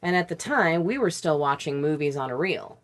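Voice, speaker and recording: Low-voiced woman recalling her past. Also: animated. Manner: candid, halting recollection with imitated sounds. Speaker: podcast guest. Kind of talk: personal storytelling in conversation.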